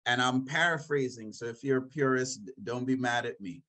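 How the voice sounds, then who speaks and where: A man's voice: medium pitch, a little fast, bright, forceful tone. A man, the guest author, telling a story in a casual book discussion and building to rhetorical flourishes.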